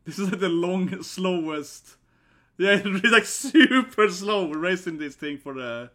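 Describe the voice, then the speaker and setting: A man's voice: high voice, animated, unhurried, bright, forceful tone. A man giving live reaction commentary, laughing often and exclaiming, tagging his lines with "right?" and "man". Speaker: reaction video host.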